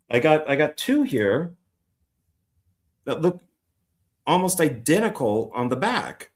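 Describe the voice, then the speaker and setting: A filmmaker with a mid-range, slightly mellow voice chats casually on camera in a vlog about the discs he bought. He rambles and swears, now and then mocking critics in a put-on voice.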